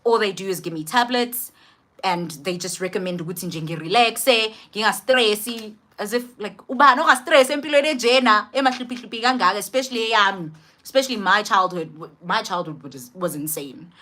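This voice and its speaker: A young woman with a South African accent who tells a personal story in a casual vlog, switching between English and Zulu in an animated, slangy way. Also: medium pitch, brisk. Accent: South African, mixing in Zulu. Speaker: vlogger.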